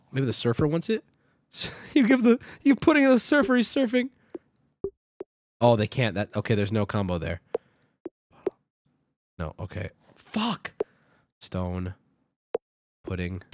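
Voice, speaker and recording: A male streamer talks himself through a game out loud, and his pitch lurches from low mutters to high yelps. He swears often. The sound is dry and close, with almost no room in it. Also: very animated, a little slow, pauses often, no room sound. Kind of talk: live-streamed game commentary.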